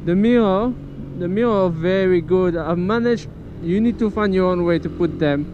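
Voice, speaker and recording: French-accented man riding through loud traffic. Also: high voice, moderate pace. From France. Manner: rambling, self-correcting, swears freely. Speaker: motovlogger. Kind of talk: casual riding vlog talk. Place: on a motorcycle in city traffic outdoors. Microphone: helmet-mounted action camera. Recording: dull action-camera audio with loud traffic noise. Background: traffic and engine noise.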